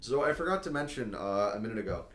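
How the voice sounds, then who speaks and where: A man's voice: fairly low pitch, fast. Rambling man in an echoey room. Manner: rambling and excitable, heavy use of "like", swears often. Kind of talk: casual chat recapping an anime episode.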